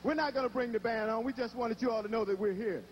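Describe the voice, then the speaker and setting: A man's voice: extremely high pitch, fast, a little hiss or hum. A man announcing from a concert stage in a large arena, thanking the crowd and building up the act. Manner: welcoming, hyping the intro. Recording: lo-fi live concert tape. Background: faint band music.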